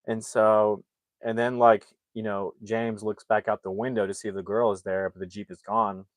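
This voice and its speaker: A man's voice: on the low side, little pitch movement, normal speed, no echo. A man casually retelling a film's plot as a reviewer, rambling with many fillers and restarts. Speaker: film reviewer.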